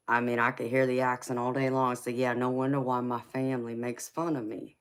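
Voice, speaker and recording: A woman's voice: extremely low pitch, little pitch movement, normal speed, hardly any pauses, fairly bright tone. A woman from Los Angeles with a Southern accent, chatting casually on a live stream and answering viewers' comments. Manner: chatty, laughs often, reads out viewer comments. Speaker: tarot reader streamer.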